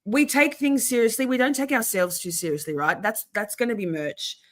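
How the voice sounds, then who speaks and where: A woman's voice: a little high, a little fast, a bit bright. A woman hosting a livestream, ranting in a profane, fired-up way in casual chat. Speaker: livestream host.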